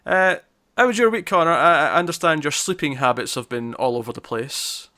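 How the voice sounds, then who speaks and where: A man's voice: on the high side, fairly quick, bright, forceful tone. A young man hosting a casual comics podcast, chatty and self-mocking, often stumbling over his words. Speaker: podcast host. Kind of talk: casual chat.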